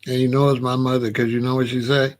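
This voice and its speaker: A man hosting his own show, telling a personal story with lively, laughing delivery. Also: medium pitch, fast talker. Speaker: show host.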